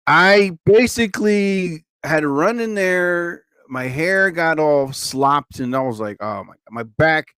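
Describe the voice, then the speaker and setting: A man hosting a live stream, rambling and animated with lots of filler words. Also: a little high, slow pace, hardly any pauses, clear, resonant tone, dry recording, clean studio sound. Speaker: livestream host.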